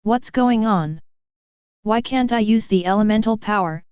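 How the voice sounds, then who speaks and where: A woman voicing an arrogant male navy admiral who talks with scorn, in a smooth voice on dull lo-fi audio. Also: medium pitch, moderate pace, no room sound, lightly acted. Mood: alarmed.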